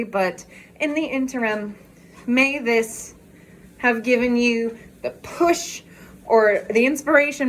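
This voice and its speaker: A woman chatting on a walking vlog, out of breath and laughing often, recorded on a phone outdoors. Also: fairly high pitch. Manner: bubbly, laughs often, excitable. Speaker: vlogger. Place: outdoors on a walk.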